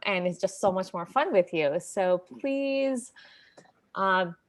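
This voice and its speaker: A young woman whose first language is not English hosts a medical session over a video call. She talks in a relaxed, chatty way, with frequent ums. Her voice sits at a middle pitch. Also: takes it slowly. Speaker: host. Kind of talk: welcoming announcements on a livestream.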